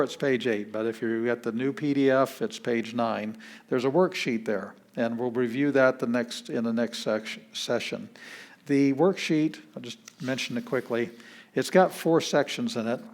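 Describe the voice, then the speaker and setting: A man's voice: medium pitch, moderate pace. A man, a pastor, teaching a beginner language class in a patient, plain-spoken way, walking through each step. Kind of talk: classroom lesson.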